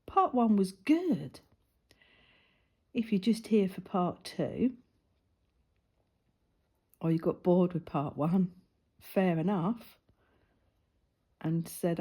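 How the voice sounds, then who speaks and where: A breathless middle-aged woman chats slowly and easily, laughing at herself between remarks. Her voice is a little husky and unhurried. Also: on the low side, lively intonation, warm tone. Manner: chatty, self-mocking, laughs often. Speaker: craft vlogger. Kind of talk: casual chat while colouring.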